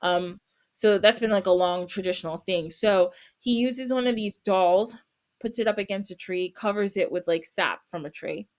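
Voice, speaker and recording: A woman with a mid-range voice and moderate pace guests on a podcast, casually narrating a folktale. She gets animated, laughing and giving the characters their own little voices as she acts out their lines.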